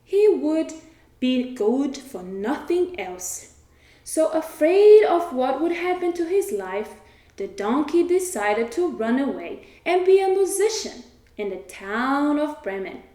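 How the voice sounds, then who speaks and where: A woman narrating a children's story in a slow, expressive storytelling manner. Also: high-pitched. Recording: echoey room.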